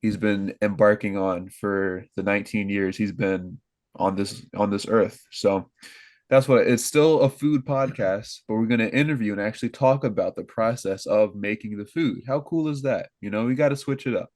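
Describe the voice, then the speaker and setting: A man's voice: fairly low pitch, normal speed, darkish tone, dry recording. A young American man co-hosting a casual podcast, rambling and correcting his own slips with a laugh. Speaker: podcast co-host.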